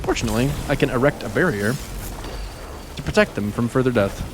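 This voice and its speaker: A man's voice: mid-range voice, lively intonation, a little fast, background noise. A man streaming a game, rambling casually about words he says oddly and chatting with viewers as he plays. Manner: rambling, self-deprecating, chats with viewers while playing. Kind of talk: casual gaming stream chat.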